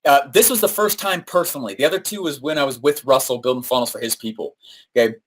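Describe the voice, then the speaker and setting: A man's voice: medium pitch, quick pace, slight background noise. A man coaching on marketing in a live-streamed talk, telling a story with lots of fillers, "right?" tags and acted-out quotes. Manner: animated storytelling, acts out quoted voices; frequent fillers and "right?" tag questions.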